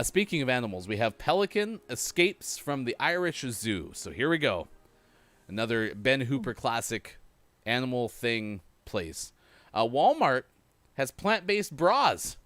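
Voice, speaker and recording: A man's voice: mid-range voice, sing-song, moderate pace, a bit bright, no room sound. A man hosting a casual morning show, chatty and laughing at his own jokes. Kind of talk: casual live-stream chat.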